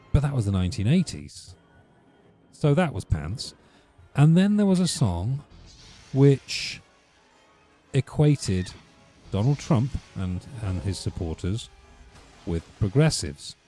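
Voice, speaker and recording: A man's voice: fairly low pitch, warm tone. A man hosting a let's play, rambling through wry, ranting commentary while he plays.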